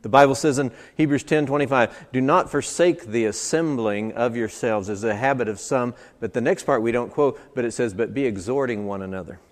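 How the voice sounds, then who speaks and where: A man preaching in a mid-pitched voice, pressing his points hard by stacking repeated phrases one after another. The sound rings with a long hall reverb, as if at a church service. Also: brisk, hardly any pauses. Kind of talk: sermon.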